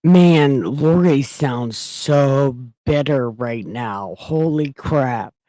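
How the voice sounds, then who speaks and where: A woman with a rough, strained voice from a damaged voice box, blunt and profane, giving casual live commentary on a court video. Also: a bass voice, drawn-out words, mellow, no room sound.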